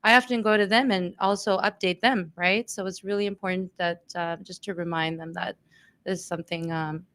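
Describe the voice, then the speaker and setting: Woman teacher as podcast guest, lowish smooth voice, earnest and explanatory. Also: fairly even intonation, brisk, fairly bright tone. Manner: earnest, explaining with many fillers. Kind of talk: advice in casual conversation.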